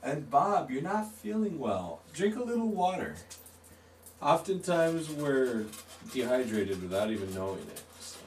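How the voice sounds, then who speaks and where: A man's voice: mid-range voice, sing-song, unhurried, far from the mic, a little hiss or hum. Laid-back man chatting on a live stream. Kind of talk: casual live-stream chat. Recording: roomy, off-mic, faint guitar music.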